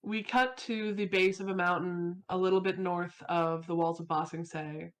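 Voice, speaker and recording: A woman playing a tabletop game, calmly reading out a written epilogue for her character. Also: fairly low pitch, moderate pace. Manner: calm, descriptive storytelling. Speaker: player.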